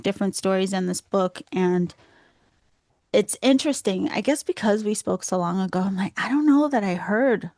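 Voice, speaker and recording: A woman's voice: medium pitch, expressive, normal speed, a little mellow, no room sound, studio quality. A woman with a Boston accent hosting a podcast interview, effusive and full of praise for her guest. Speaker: podcast host.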